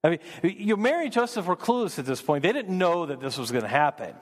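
A man's voice: high voice, big pitch swings, fast, in a large hall. A man preaching a sermon as pastor, earnest, often repeating words as he builds emphasis.

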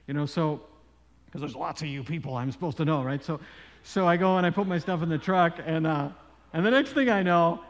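A man preaching a sermon as pastor, telling stories in an animated way with frequent asides. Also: a little high, fairly quick. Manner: animated storytelling with frequent "you know" asides. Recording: long reverb in a large hall.

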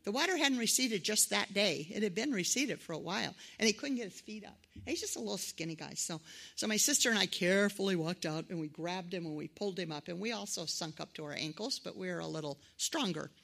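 Middle-aged female preacher, conversational sermon, gravelly tone, animated when quoting others. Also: medium pitch, quick pace. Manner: conversational, animated quoted voices. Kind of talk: sermon with personal stories.

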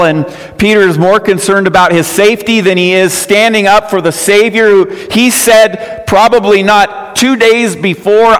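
A male pastor preaching a sermon in a conversational way, often rising for emphasis. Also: high voice. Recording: long reverb of a hall.

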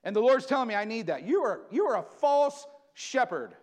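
A man preaching a sermon in a church, reading scripture slowly and building to loud, emphatic bursts. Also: very high-pitched, sing-song. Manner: slows to read scripture aloud. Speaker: pastor. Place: church sanctuary.

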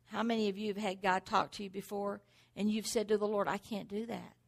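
A woman's voice: medium pitch, flat delivery, fairly quick, creaky. A middle-aged woman preaching a sermon, driving points home with rhetorical questions and repeated exhortations.

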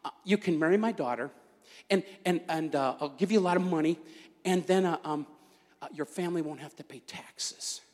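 A man's voice: fairly high pitch, fairly quick, darkish tone, voice pushed down, natural voice. A man voicing a worried king who hesitantly stammers out offers and pleas. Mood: pleading. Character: worried male king, pleading and bargaining. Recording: echoey hall.

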